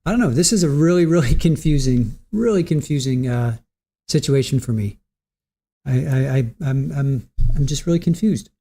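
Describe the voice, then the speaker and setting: A man's voice: on the high side, expressive, moderate pace, mellow, breathy edge. A man hosting a livestream, reading viewer comments and musing through them in a casual, hesitant way, often repeating his words. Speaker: livestream host.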